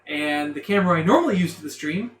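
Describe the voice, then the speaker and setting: A man's voice: on the high side, lively intonation, fast talker, a little hiss or hum. A man running a tabletop game on stream, rambling and often correcting himself. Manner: rambling, self-correcting, chuckling. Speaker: game master. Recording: roomy echo.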